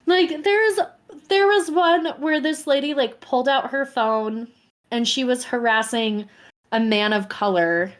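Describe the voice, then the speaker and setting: A woman's voice: high voice, a little slow. Chatty female podcast co-host. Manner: chatty, often laughing. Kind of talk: casual chat.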